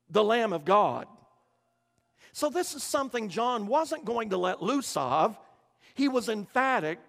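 A man preaching a sermon, reading scripture aloud and then explaining it slowly with emphasis, often repeating a word as he starts a sentence. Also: sits high, fairly bright tone. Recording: long hall reverb.

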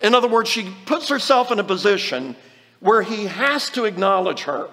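A high-pitched man teaches from the Bible in an earnest, explanatory sermon, slowing right down whenever he reads a verse aloud. His voice carries a long reverb, as if it were spoken in a large hall. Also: lively intonation, fairly bright tone. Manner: earnest, explanatory, slows down to quote scripture. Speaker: preacher.

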